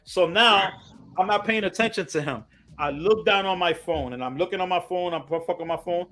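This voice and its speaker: A man, a podcast host, telling a story in casual chat, animated and swearing a lot, acting out quotes loudly. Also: high-pitched, fairly quick.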